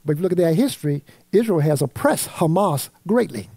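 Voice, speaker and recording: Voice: mid-range voice, animated, brisk, vocal fry, dark tone, husky, no room sound. A Sunday school teacher, reading scripture aloud and quizzing the class with fill-in questions in a church classroom. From Virginia. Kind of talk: Bible study teaching.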